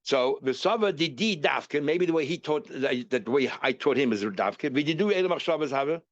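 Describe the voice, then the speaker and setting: A man with a fairly high voice teaches a Talmud lesson, reasoning aloud in an animated, repetitive way. The recording is dry and somewhat dull, with the muffled top end of a lo-fi mic. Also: a little fast, no room sound. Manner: animated, repeats terms while reasoning aloud.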